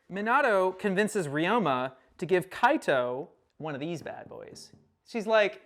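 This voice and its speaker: A young man giving a casual recap lecture, animated, acting out characters' lines with sudden loud outbursts. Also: a little high, normal speed.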